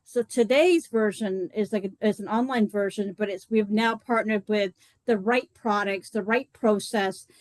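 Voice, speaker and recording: A woman's voice: mid-range voice, steady tone, moderate pace, a little mellow, dry recording, rough recording. A woman telling a long personal story in a live online talk, chatty and rambling, full of "like" and "you know.". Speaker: co-host presenting a detox program.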